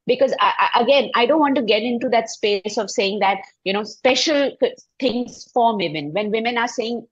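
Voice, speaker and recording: Husky Indian woman in panel talk. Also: fairly high pitch, no room sound, lo-fi sound. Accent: Indian English. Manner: halting, frequent restarts, emphatic. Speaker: panel speaker. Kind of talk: panel discussion, personal story.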